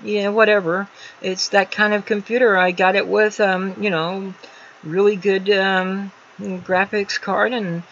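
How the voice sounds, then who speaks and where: A woman hosts a casual livestream from a room in her home, talking at a middling pitch. She rambles easily, padding her sentences with ums and restarts. The audio is a little dull and lo-fi, with a faint hiss underneath. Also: level tone, a little slow, a bit bright. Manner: rambling, chatty, many fillers and restarts. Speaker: livestream host.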